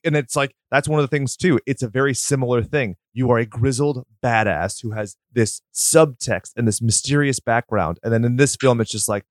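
A man co-hosting a casual podcast chat about movies, opinionated and quick to riff, with the odd swear. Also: medium pitch, no echo, clean studio sound. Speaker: podcast co-host.

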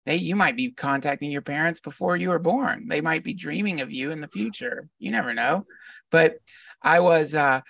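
A man's voice: on the high side, moderate pace, gravelly, a bit bright, recorded from a distance, a little hiss or hum. A middle-aged man, a podcast guest, talking casually in a reflective, meandering storytelling way. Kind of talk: casual conversation.

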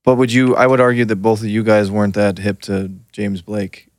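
A man co-hosting a pop culture podcast, casual and sarcastic with quick comebacks. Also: on the low side, level tone, no room sound. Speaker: podcast co-host. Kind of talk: casual chat.

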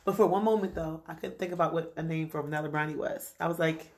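A woman co-hosting a casual chat, throwing in wry jokes and quick reactions. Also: sits low, fairly even intonation. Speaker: podcast co-host.

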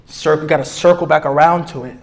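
A man preaches to a class about relationships. He talks emphatically and leans hard on key lines, slowing down to repeat them. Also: sits high. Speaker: pastor teaching a relationship class. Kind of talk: sermon-style teaching.

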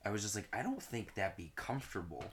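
A young man in a casual podcast chat, crude and loud, laughing a lot. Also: on the low side, sing-song, fast talker, crowd noise. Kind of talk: casual comedic group chat. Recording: noisy background hiss.

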